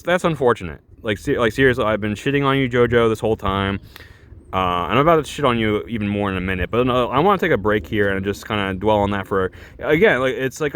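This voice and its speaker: A man's voice: lowish voice, fairly bright tone, clean tone. A man ranting sarcastically in a reaction commentary, exasperated and full of restarts. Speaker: commentary YouTuber.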